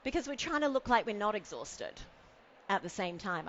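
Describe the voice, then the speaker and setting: A woman's voice: mid-range voice, sing-song, normal speed, fairly bright tone, highs cut off, slight background noise. A woman giving a conference keynote on stage, playful and self-mocking, teasing the audience. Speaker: keynote speaker. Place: event stage with a podium.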